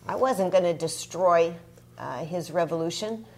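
A woman's voice: lowish voice, unhurried. A woman quoting a protesting president. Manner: animated, protesting. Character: student playing a former president, defensive.

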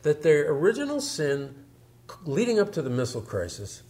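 A man's voice: fairly high pitch, wildly swooping pitch, normal speed, darkish tone. A man talking through history in an emphatic, storytelling way. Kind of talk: explanatory discussion.

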